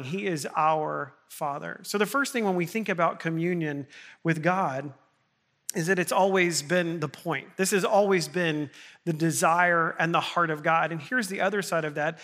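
Bright-voiced man preaching a heartfelt sermon. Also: a little high. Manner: earnest, building to impassioned appeals. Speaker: pastor.

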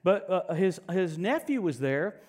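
High-voiced, animated male preacher. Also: unhurried. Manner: animated, joking, swings from loud to soft. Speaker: pastor. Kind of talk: sermon.

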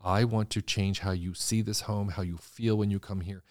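A man, a designer guest in an interview, telling stories in an animated way and acting out the voices of people he quotes. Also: on the low side, normal speed, dry recording, studio quality. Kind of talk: conversational interview storytelling.

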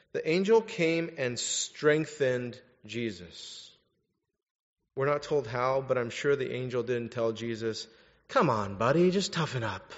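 A young adult man preaching a sermon, candid and animated as he tells personal stories, then direct as he exhorts his listeners. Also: medium pitch. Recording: dull recording in a reverberant hall.

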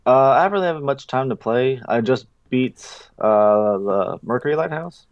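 Co-host, male, mid-pitched, crude deadpan one-liners, close dry sound. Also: moderate pace, no room sound, lo-fi sound. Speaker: podcast co-host. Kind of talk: casual chat.

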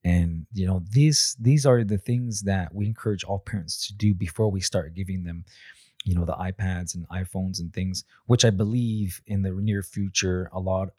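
A young father speaking in a measured way, often repeating words as he gathers his thoughts while sharing family traditions. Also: low voice, mellow, no room sound, studio quality. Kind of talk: reflective talk.

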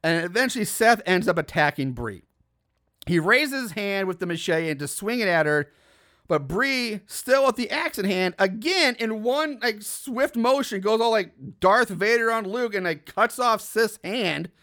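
High-voiced man casually recapping a film. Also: expressive, moderate pace, bright, forceful tone. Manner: laughing, incredulous asides, swears freely. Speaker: podcast host recapping a film.

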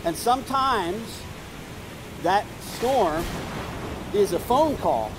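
A man preaching a sermon, moving between urgent, raised passages and hushed, quiet ones. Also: sits high, lively intonation, very slow, big-room sound, noisy background. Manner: dynamic, swings from urgent to hushed. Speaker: pastor.

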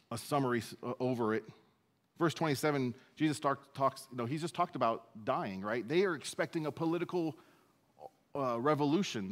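A male pastor works through scripture in a sermon. He stays relaxed and conversational and slips in self-deprecating asides. His voice sits at an average pitch for a man. It rings out with a long reverb, as in a large church hall. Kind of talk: sermon, verse-by-verse teaching.

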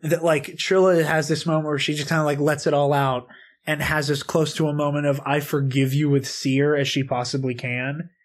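A man co-hosting a casual podcast, telling game stories with lots of fillers and excitable energy. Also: fairly high pitch, normal speed. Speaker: podcast co-host. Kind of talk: casual podcast chat about video games.

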